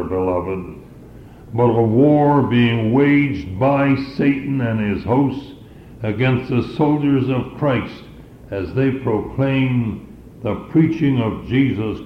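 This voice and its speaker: A man delivers a sermon at a deliberately slow pace, leaning on and repeating key phrases. His voice sits in a roomy, echoing space. The recording is dull and lo-fi, with a faint hiss underneath. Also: medium pitch. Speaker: preacher.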